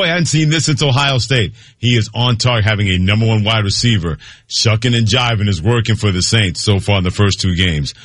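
A man's voice: lowish voice, fairly bright tone, dry recording, studio quality. A man hosting a sports talk radio show, reading a phone number and taking callers in an easygoing, playful way. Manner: easygoing, playful, laughs along. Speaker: radio host.

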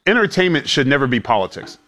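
A man's voice: mid-range voice, big pitch swings, sharp tone. A man hosting a panel talk show, teasing his guests and moving through the stories. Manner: teasing, quick to laugh. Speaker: host.

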